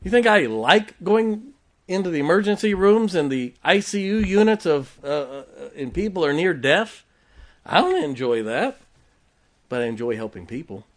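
A man's voice: on the high side, big pitch swings, moderate pace. Guy pastor preaching, punchy repeats, rhetorical questions, little jokes, keeps asking the room if they're ok. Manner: emphatic preaching with rhetorical questions and joking asides; checks in with the congregation. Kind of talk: sermon.

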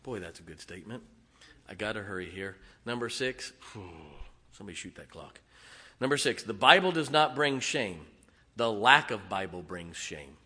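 An older man preaching a sermon in a church, swinging from booming declarations to quiet wry asides. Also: animated, moderate pace, breathy edge. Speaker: pastor. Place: church sanctuary. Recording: long hall reverb.

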